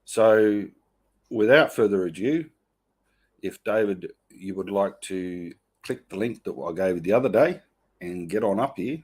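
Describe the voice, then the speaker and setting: An Australian man hosting a casual livestream, greeting viewers one by one in a relaxed, matey way. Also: lowish voice, unhurried, breathy edge. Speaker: host.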